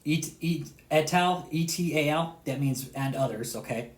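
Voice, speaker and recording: Ranting at his subscribers at a normal speed, this male online commentator is heated and relentlessly profane. He keeps repeating himself, flipping from loud blowups to low, sarcastic remarks, all captured with a roomy echo.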